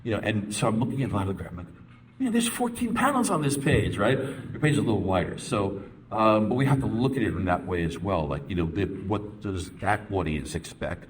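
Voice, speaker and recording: Deep-voiced man telling a rambling story. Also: fast talker, a little hiss or hum. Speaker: comics panelist. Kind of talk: panel answer to audience question.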